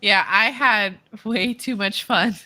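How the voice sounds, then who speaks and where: A woman's voice: medium pitch, slow pace, sharp tone. A woman co-hosting a casual chat, telling stories with lots of laughter and swearing. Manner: laughing storyteller, swears freely. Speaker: podcast co-host.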